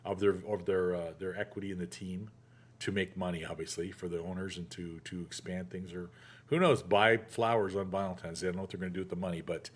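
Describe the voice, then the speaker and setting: A man's voice: low-pitched, fairly even intonation, fairly quick, husky. A man hosting a casual sports chat show, an actor who tells stories animatedly and acts out the quotes. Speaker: podcast host.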